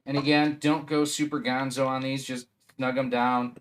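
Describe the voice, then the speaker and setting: A man's voice: medium pitch, level tone, normal speed, fairly bright tone, a little hiss or hum. A man with a Wisconsin accent chatting casually on a live stream, rambling and thinking aloud as he assembles a 3D printer.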